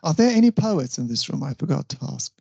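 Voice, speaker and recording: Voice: medium pitch, big pitch swings, fast talker, gravelly, dark tone, breathy edge, no room sound, dull audio. A university lecturer teaching an English stylistics class, explaining step by step and often checking that the students follow.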